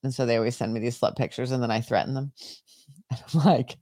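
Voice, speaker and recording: A woman's voice: a bass voice, fairly even intonation, very fast, mellow, dry recording, studio quality. A middle-aged woman co-hosting a podcast, chatting casually, laughing often and swearing through heated rants. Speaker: podcast co-host. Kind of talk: casual banter.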